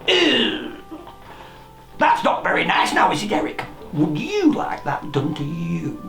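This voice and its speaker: The Satsuma, a storyteller voicing a gently scolding magic fruit. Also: mid-range voice, huge pitch swings, slow, creaky, voice pushed down, full character voice. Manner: gently scolding, teacherly questions. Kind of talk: children's storybook reading. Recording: roomy echo, faint music.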